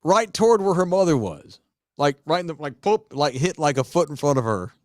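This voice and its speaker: A man telling a wild story on a casual podcast, animated and swearing freely. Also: on the high side, a little fast, no room sound, studio quality. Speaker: podcast host.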